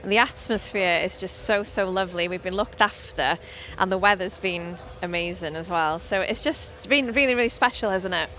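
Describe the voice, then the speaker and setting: A woman's voice: lowish voice, moderate pace, bright, forceful tone, a little hiss or hum. A woman from North Wales with a North Welsh accent, a band member talking enthusiastically in an interview. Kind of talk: casual interview answers. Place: outdoors at a music festival.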